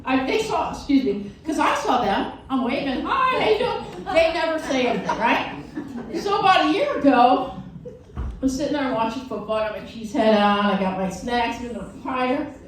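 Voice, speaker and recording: High-voiced animated woman doing stand-up. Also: moderate pace, a little hiss or hum. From Wisconsin. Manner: animated storytelling with mocking voices. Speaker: stand-up comedian. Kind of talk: stand-up comedy set. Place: comedy venue with live audience. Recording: roomy, distant mic, audience laughter.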